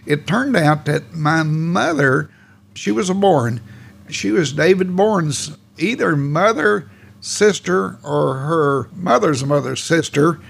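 An old man in his eighties, his voice gravelly and a little husky, and pitched fairly high for a man. He rambles through his life story in a folksy, plainspoken way, with the odd mild curse. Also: expressive, slow. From Oklahoma. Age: 80s. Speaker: oral history interviewee. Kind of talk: casual storytelling reminiscence.

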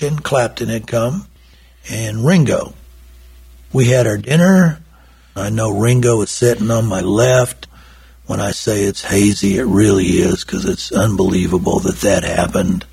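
An older man, his deep voice thick with gravel. It is husky and rough-edged. He tells his stories in a folksy, wandering way, full of asides. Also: darkish tone. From Oklahoma. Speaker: recording engineer and guest. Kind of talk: rambling anecdotal storytelling.

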